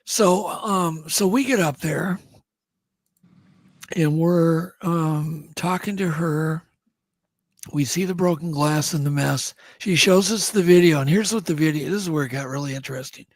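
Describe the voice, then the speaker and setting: A man on a radio show telling a story in a casual, animated way and acting out what others said. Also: a little high, a little slow, no room sound. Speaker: guest.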